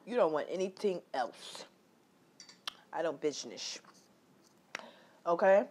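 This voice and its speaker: Woman vlogging her own story, swears a lot, jumps way up high when she quotes herself, keeps going "you know". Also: slow, background noise. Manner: animated, profane, emphatic, jumps into high quoted exclamations; repetitive filler-heavy talk addressing viewers directly. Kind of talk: candid personal storytelling vlog.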